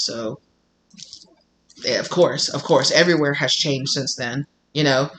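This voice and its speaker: A man's voice: mid-range voice, normal speed, sharp tone, a little hiss or hum. A man with a Southern US country accent talking casually as a channel host, rambling and repeating himself while acting out quoted conversations. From Southern United States. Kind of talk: casual personal monologue.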